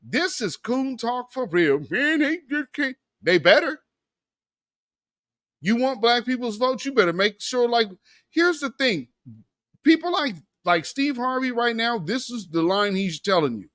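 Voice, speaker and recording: A man with a high, lively voice that swings widely as he rants. He delivers a slangy, sarcastic commentary monologue with heavy emphasis, recorded close and dry. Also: measured pace, no room sound. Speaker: commentary show host.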